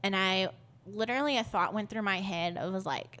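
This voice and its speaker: A woman's voice: medium pitch, brisk, a bit bright. A woman guest on a podcast, telling a personal story in a loose, rambling way, full of fillers and laughs. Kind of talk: casual storytelling.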